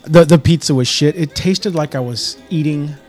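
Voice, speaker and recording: Blunt joking man, slightly high voice. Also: moderate pace, a little mellow, faint music behind. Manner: blunt, crude humor. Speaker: podcast guest. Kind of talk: casual chat.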